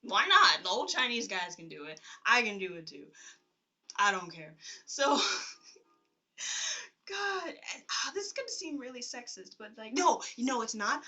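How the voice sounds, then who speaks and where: A woman telling stories in a casual vlog, rambling and animated, laughing often and filling her speech with fillers. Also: mid-range voice, recorded from a distance. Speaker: vlogger.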